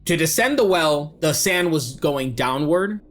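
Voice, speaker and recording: A young adult man narrating a tabletop game as game master, with measured, descriptive delivery. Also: a little high, expressive, a bit bright.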